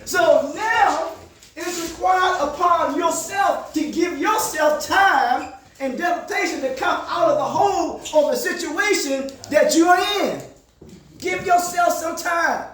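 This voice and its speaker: Speaking slowly in a very high, fairly bright voice, a man counsels a group with motivational call-and-response, leaving his leading questions for listeners to finish and often raising his voice to stress points. The recording has a little hiss or hum and echoes, with him far from the mic.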